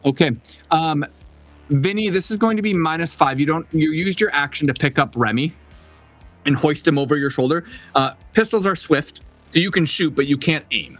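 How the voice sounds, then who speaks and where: A man's voice: a little high, normal speed, a bit bright, faint music behind. A man running a tabletop game as game master, describing scenes with many fillers and restarts.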